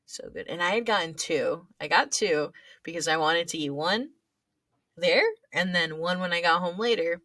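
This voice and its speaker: A young woman co-hosting a casual podcast chat, playful and quick to laugh. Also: on the low side, pushed and bright, dry recording. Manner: laughs often, chatty and playful. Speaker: podcast co-host.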